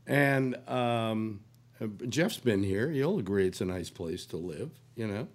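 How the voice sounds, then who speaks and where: An older man hosting a talk show, hoarse with a cold, rambling in casual talk with many restarts. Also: on the low side, lively intonation, a little slow. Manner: rambling, full of restarts and "you know". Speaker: radio talk host.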